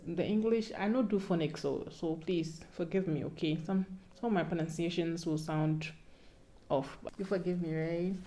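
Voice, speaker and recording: A woman's voice: low voice, dark tone, a little hiss or hum. A young Ghanaian woman vlogging casual advice in a playful, pleading way that sometimes sounds like a sermon.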